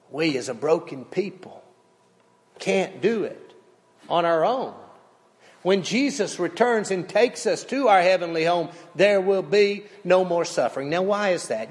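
A male pastor preaching a sermon, with slow, emphatic delivery that swings widely in pitch and volume. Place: church sanctuary. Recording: long hall reverb.

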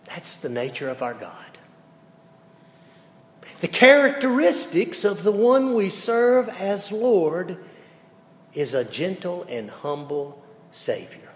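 Folksy preacher in echoey hall. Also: male voice, high voice, animated, slow pace. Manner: folksy storytelling, swinging from loud to hushed. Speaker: pastor. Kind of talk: sermon. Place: church sanctuary. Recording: echoey church hall reverb.

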